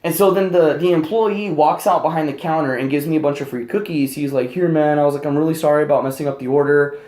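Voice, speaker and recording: A man's voice: fairly high pitch, fast talker, a little mellow. A man co-hosting a podcast, telling a story in casual, profane chat and acting out quotes in raised, heated voices. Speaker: podcast co-host. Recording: roomy echo.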